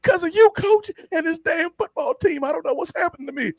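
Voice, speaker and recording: A man voicing a troubled teenage football player in a much higher, emotional voice. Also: brisk, dry recording. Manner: high-pitched, emotional.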